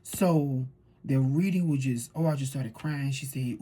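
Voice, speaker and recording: A woman talks through a tarot reading in a loose, animated way and circles back to repeat her points. Her voice is breathy and husky, with a dark, relaxed tone. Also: a bass voice, normal speed. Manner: animated storytelling with repeated phrases. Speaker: tarot reader. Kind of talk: casual tarot reading monologue.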